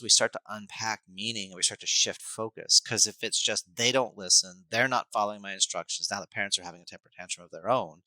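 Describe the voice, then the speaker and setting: A middle-aged man, a life coach and hypnotherapist, talking at length as a podcast guest and acting out scenes with sudden loud bursts. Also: fairly low pitch, no echo, low-quality recording. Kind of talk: podcast interview, explaining at length.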